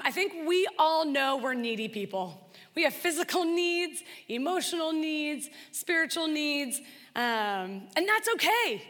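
Bright high-voiced woman preaching in a hall. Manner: earnest, conversational, acts out prayers in quoted voice. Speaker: speaker giving a faith talk. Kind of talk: sermon-style teaching talk.

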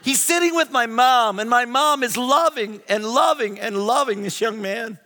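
Bright-voiced middle-aged man preaching in a reverberant hall. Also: very high voice, normal speed. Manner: animated, shifts to hushed whispers. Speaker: pastor. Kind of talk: sermon storytelling.

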